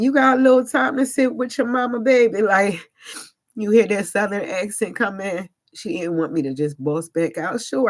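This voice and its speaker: A woman's voice: sits low, darkish tone. A woman telling a personal story on a vlog in a casual, slangy and emphatic way, with frequent "like" fillers. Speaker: vlogger.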